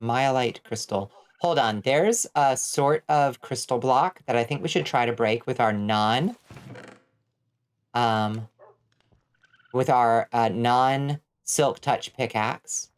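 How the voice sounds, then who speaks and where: A woman's voice: extremely low pitch, slow. An American woman streaming a game, giving casual commentary as she thinks aloud, bemused and swearing freely. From United States. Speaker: vtuber streamer.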